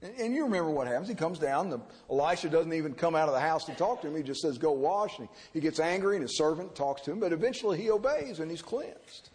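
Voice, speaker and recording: Animated preacher in an echoing hall. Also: male voice, fairly high pitch, fast talker, few pauses. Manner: animated, acts out quoted characters. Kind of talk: expository sermon. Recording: reverberant hall.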